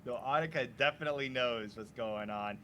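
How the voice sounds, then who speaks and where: Bright-voiced man narrating as game master. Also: medium pitch, a little fast, slight background noise. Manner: relaxed, with lots of fillers. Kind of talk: improvised scene narration.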